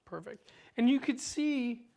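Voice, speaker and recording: A woman's voice: a little high, a little slow, gravelly, mellow. A woman hosting a casual cooking show, chattily walking through each step. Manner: upbeat, walks through steps chattily.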